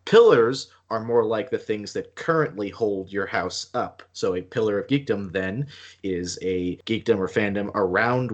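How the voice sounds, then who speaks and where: A man with a somewhat low voice co-hosting a casual podcast. He explains ideas at length, restarting and circling back as he goes. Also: breathy edge. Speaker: podcast co-host.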